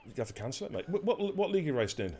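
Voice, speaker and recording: Racing along in a slightly high voice, with a little hiss or hum in the audio, a man hosts a live esports racing stream. He commentates with energetic jokes, banter and liberal swearing.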